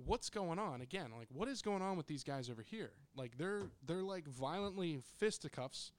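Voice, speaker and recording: A man's voice: fairly high pitch, dry recording. Profane young man telling a story. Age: young adult. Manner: profane, animated, blunt. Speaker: podcast co-host telling a story. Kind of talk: casual storytelling chat. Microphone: close studio microphone.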